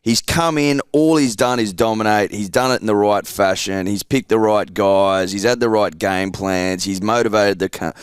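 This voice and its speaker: A man's voice: lowish voice, steady tone, normal speed, few pauses, clean tone, dry recording, clean studio sound. An Australian man co-hosting a sports podcast, talking in blunt, sweary banter. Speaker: podcast co-host. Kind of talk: casual sports chat.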